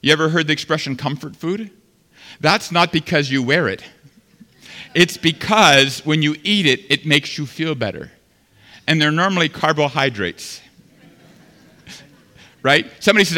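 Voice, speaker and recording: A fairly high-voiced man delivers a sermon, his tone bright and forceful. He rises into loud, fervent passages and then drops to quiet, earnest speech. His voice rings with the long reverb of a large church. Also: lively intonation, normal speed. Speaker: pastor.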